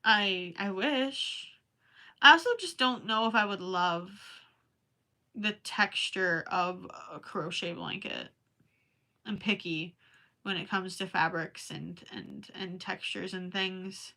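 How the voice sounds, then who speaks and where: Tired young minnesota girl chatting w viewers on a crochet stream, bright voice, rambly. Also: mid-range voice, measured pace. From Minnesota, USA. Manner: rambling, chatty, talks to viewers while working. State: tired, late at night. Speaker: crochet livestreamer. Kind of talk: casual chat while crafting.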